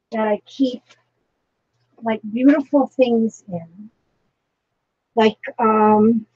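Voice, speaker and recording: A woman's voice: fairly high pitch, darkish tone, husky, lo-fi sound. A woman chatting through a casual craft tutorial, emotional and overwhelmed, with frequent breathless exclamations. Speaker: crafting vlogger.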